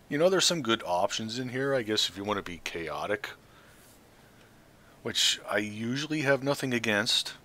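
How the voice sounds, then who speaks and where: Let's play host, low and bright voice, reads game text, dry asides. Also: male voice, sing-song, normal speed. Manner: dry, offhand asides between read passages. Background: faint game music.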